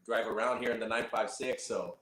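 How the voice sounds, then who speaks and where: A man, a guest giving relaxed, brief replies in casual chat. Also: on the low side, a little fast, low-quality recording. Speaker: guest musician.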